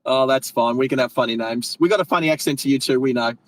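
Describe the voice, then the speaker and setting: Recorded roughly, this clip has a medium-pitched Australian man casually chatting on a live stream as he drives. He rambles, uses friendly slang, and keeps fixing his own sentences partway through.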